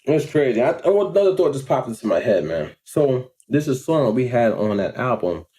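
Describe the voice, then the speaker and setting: A man's voice: medium pitch, sing-song, fairly quick, dark tone. A man, telling slangy stories in a casual vlog and laughing often. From Long Island, New York. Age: 40s. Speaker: vlogger and rapper.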